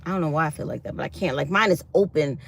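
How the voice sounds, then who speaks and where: A woman's voice: low-pitched, racing, vocal fry, slight background noise. A woman chatting casually to her viewers, animatedly retelling her day. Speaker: vlogger.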